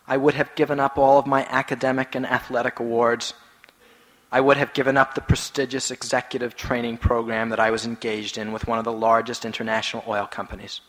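Forceful preacher in an echoing hall. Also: male voice. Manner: swings from loud emphatic peaks to hushed low phrases. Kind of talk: sermon.

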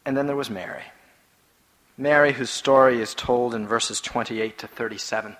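A man preaching a sermon, rising to loud emphatic peaks and dropping to hushed, low phrases. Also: normal speed, long reverb tail.

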